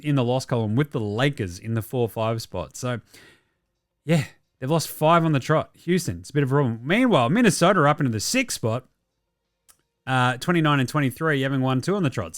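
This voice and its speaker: A man's voice: medium pitch, smooth. A man, hosting a casual basketball show and ranting about games and trades with plenty of swearing. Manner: fast, sweary, excitable ranting. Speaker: host. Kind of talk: casual sports commentary.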